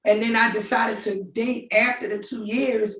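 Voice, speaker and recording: A middle-aged woman telling her story in a casual, animated way, often laughing and acting out what people said. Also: a little high, normal speed, echoey room, recorded from a distance. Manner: animated, laughing, quoting others in voices.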